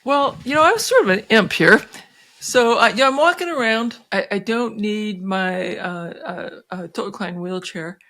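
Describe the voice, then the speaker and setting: A woman's voice: medium pitch, moderate pace. A woman in her sixties, a physician guest, telling a personal story in an interview with many restarts and fillers, animating her tale. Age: 60s. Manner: animated, acting out quoted voices.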